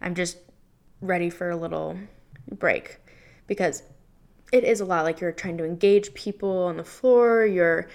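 A woman's voice: on the low side, measured pace, vocal fry, long pauses, darkish tone. A woman in her twenties co-hosting a podcast, chatting casually with lots of fillers and frequent laughs. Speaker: podcast co-host. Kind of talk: casual chat.

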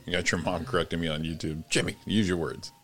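Deep-voiced laughing male co-host. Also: fairly even intonation, fast, a bit bright. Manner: laughs often, swears freely, stumbles over words. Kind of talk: casual morning show banter.

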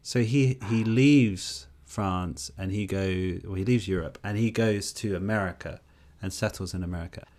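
A man co-hosting a podcast, telling a story in a casual conversational way, with animated stops and restarts. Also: deep voice, moderate pace, few pauses. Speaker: podcast co-host.

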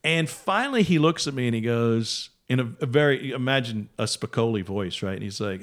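A man's voice: mid-range voice, animated, a little fast, fairly bright tone. A man telling a funny story on a podcast in a casual way, acting out other people's voices as he goes. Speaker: podcast guest.

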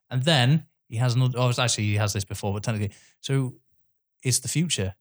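Male podcast co-host, mid-pitched, excitable and profane, quick to laugh. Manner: excitable, swears freely, laughs often. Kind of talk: casual film chat.

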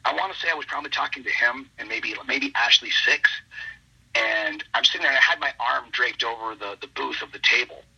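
A man with a very bright but husky voice spins a casual anecdote, doubling back and restarting his sentences as he goes. The audio is dull and lo-fi, like a remote call. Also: medium pitch, fairly quick. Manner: rambling, animated anecdote with many restarts. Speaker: wrestler guest. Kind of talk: casual storytelling.

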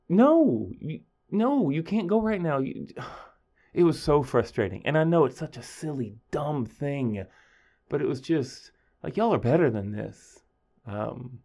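In a relaxed podcast monologue, a man who teaches high school recounts a story, his delivery a little mellow. When acting out his students, he raises his voice higher.

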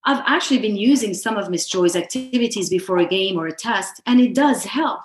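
A woman's voice: mid-range voice, expressive, brisk, reverberant, natural voice. A woman voicing a coaxing big-sister girl. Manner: gentle, coaxing, guiding.

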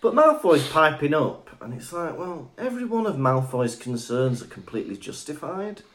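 A man's voice: fairly high pitch, big pitch swings, moderate pace, a bit bright. A man co-hosting a podcast, chatting in a jokey, casual way. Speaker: podcast co-host. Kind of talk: casual chat.

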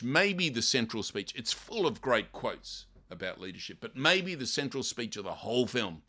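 An older man preaching a sermon, impassioned and building to loud dramatic passages. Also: medium pitch. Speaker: pastor.

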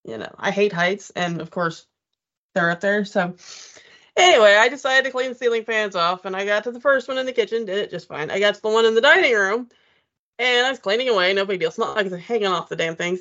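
A woman's voice: medium pitch, lively intonation, quick pace, a bit bright, dull audio. Chatty, profane woman telling a story. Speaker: podcast co-host. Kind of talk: casual storytelling chat.

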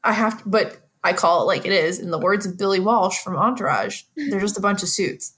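A woman's voice: mid-range voice, fairly quick, fairly bright tone. Young woman, casual podcast co-host, wry and dry. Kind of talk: casual chat.

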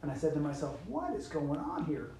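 A man's voice: a little high, wildly swooping pitch, brisk, mellow. A man in his forties, a SWAT officer guest, speaking reflectively in a casual chat with some dry teasing. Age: 40s. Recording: roomy echo, faint background noise.

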